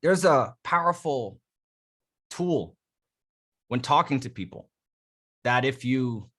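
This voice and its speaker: A man's voice: mid-range voice, expressive, slow pace, a bit bright. A male dating coach leads a live session on vocal delivery, with a mid-range voice. His talk is emphatic and casual, and he demonstrates every point he teaches.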